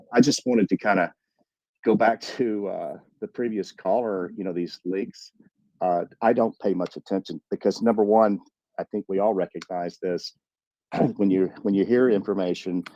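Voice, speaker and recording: Earnest deep-voiced man in his fifties. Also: dark tone, no echo. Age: 50s. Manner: earnest, heartfelt and deliberate. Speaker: caller, military veteran. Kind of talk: casual chat on a live audio room. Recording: slightly dull, lo-fi line.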